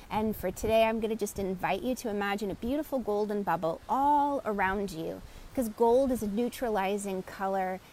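A woman energy coach telling client stories in an animated way and greeting live viewers by name. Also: medium pitch, normal speed, a little hiss or hum. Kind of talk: live-stream teaching talk.

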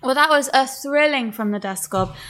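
A woman co-hosts a podcast in a relaxed, chatty way. Her voice sits a touch higher than most women's. She tells her stories with a playfully earnest, lightly teasing manner. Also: moderate pace. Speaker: podcast co-host. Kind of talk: casual chat.

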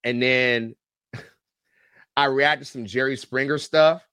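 Animated, joking man telling stories. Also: medium pitch, slow, clean tone, no echo, studio quality. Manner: animated, profane, joking storyteller. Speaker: guest, football coach and YouTube reactor. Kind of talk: casual podcast interview storytelling.

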